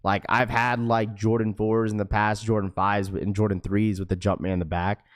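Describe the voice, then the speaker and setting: A young man hosting a live stream, chatting casually with viewers in an energetic, slangy, talkative way. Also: lowish voice, normal speed. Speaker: livestream host.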